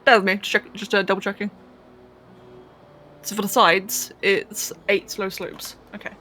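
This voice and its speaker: A woman's voice: mid-range voice, little pitch movement, normal speed, sharp tone, a little hiss or hum, rough recording. A young woman live-streaming a game, thinking aloud as she builds, counting under her breath and chatting to viewers with casual swearing. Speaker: livestreamer.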